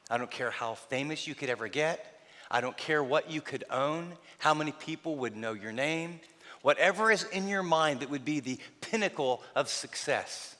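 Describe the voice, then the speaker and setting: Emphatic man preaching in a hall. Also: mid-range voice. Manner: emphatic, dropping to a hush for emphasis. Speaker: pastor. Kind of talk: sermon. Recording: reverberant hall.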